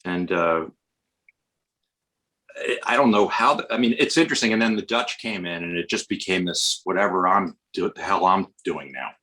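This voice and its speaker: American actor guest, casual and rambling, bright forceful voice. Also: male voice, sits low, moderate pace, poor audio. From Westchester, New York, US. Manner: digressive, many restarts. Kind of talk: casual podcast conversation.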